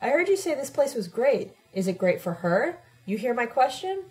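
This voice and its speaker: A woman's voice: on the high side, sing-song, moderate pace, darkish tone, voice pushed up, low-quality recording. A woman voicing a blunt, confrontational working-class man in an audiobook reading. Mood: challenging. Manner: blunt, challenging, ungrammatical street talk.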